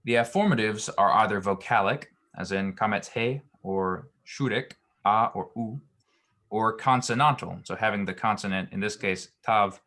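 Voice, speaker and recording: Low-voiced man teaching Hebrew grammar. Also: normal speed. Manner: relaxed, explanatory, many ums and restarts. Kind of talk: online grammar lesson.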